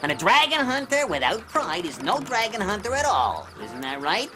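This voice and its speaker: An actor voicing a boastful, sarcastic dragon hunter in an animated series, talking fast and dramatic. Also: mid-range voice, music in the background. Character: boastful scheming small dragon hunter man.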